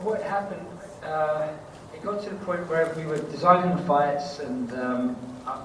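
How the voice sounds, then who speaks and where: A Scottish-born man with a London accent, a convention panel guest telling rambling, self-mocking anecdotes in casual Q&A answers. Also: on the high side. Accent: London English. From Scotland. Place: large convention hall. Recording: echoey hall, distant mic, background noise.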